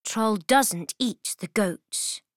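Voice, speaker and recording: A woman reading a children's story aloud in clear, simple, deliberate sentences. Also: mid-range voice, no echo, studio quality. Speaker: storybook reader.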